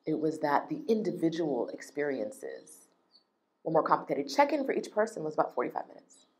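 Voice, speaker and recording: A woman's voice: low voice, very animated, brisk, a little mellow. A woman running a travel business, ranting in a vlog with an indignant, emphatic manner and lots of repetition.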